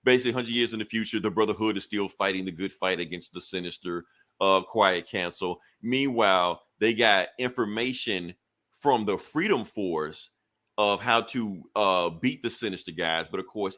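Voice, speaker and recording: A man with a somewhat low voice chats through a comic book storyline in a loose, conversational way. He rambles, restarts, and leans on fillers like a friend catching you up, never sounding scripted. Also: moderate pace, bright, forceful tone. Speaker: podcast co-host. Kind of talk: casual comic book recap.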